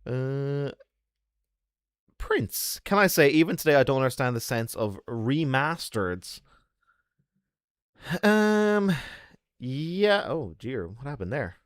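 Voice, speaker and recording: Animated man telling a story. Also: medium pitch, takes it slowly, long pauses, clear, resonant tone, no room sound, clean studio sound. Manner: animated storyteller, sound effects, swears. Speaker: game streamer. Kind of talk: casual chat with viewers.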